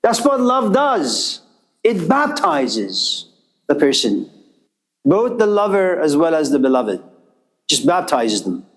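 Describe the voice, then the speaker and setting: A man's voice: fairly high pitch, takes it slowly, rough recording. A man telling a story in a talk, acting out the voices of its figures as he goes. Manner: animated storyteller, acts out voices. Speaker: lecturer.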